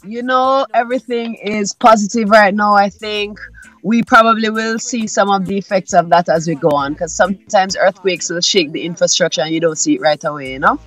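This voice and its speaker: A woman, a musician guest on a radio interview, talking calmly and reflectively with many "you know"s. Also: medium pitch, brisk, faint music behind.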